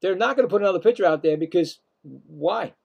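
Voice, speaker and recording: A man calling live play-by-play as a stream host, excitable, ranting at calls and talking straight to his viewers. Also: high voice, fairly quick, vocal fry, dull audio.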